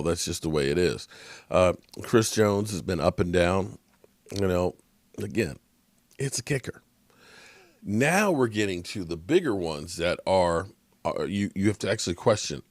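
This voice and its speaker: A man with a fairly low voice delivers a loose, conversational football commentary, tired and short on sleep. He rambles and trips over his starts. The sound is close and dry. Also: no room sound. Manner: rambling, conversational, frequent restarts. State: tired, yawning from lack of sleep. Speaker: sports commentary vlogger. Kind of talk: casual sports commentary monologue.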